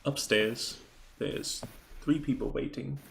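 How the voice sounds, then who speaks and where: A man's voice: medium pitch, takes it slowly, vocal fry, a little hiss or hum. A man narrating and running a tabletop role-playing game, answering players in a dry, matter-of-fact way. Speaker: game master.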